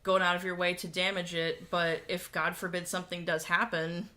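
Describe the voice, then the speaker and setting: A woman co-hosting a relaxed livestream gives practical advice in an easygoing, casual chat, laughing often. Her voice is fairly low yet bright and forceful, at normal speed.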